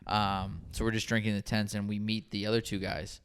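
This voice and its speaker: A man's voice: on the low side, fairly quick, slight background noise. A man in his twenties, a podcast guest, casually telling stories, swearing and laughing as he goes. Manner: relaxed storyteller, swears, laughs. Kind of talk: casual chat.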